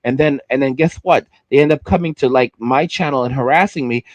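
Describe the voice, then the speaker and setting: A man's voice: medium pitch, brisk, dry recording. A man rants to his livestream audience in a mid-range voice, circling back over the same phrases and tripping on his words. The sound is dry and close, with no room around him. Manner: heated, repetitive, stumbling over words. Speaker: livestream host. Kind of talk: ranting livestream commentary.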